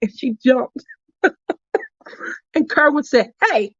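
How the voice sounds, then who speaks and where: A woman's voice: medium pitch, a little slow, no echo. Giggly, chatty woman on a dull recording. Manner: chatty, laughs often. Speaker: craft channel host. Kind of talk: casual chat.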